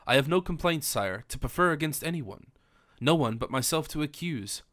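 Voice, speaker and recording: A man's voice: fairly high pitch, animated, moderate pace, a bit bright, no echo, clean studio sound. Man reading a distraught pleading young woman. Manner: imploring, formal old-fashioned speech. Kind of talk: audiobook character reading.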